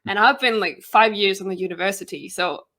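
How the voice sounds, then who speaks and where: A woman's voice: mid-range voice, a little fast, fairly bright tone. A young woman from Denmark with a Danish accent, a guest giving a chatty self-introduction with frequent laughter.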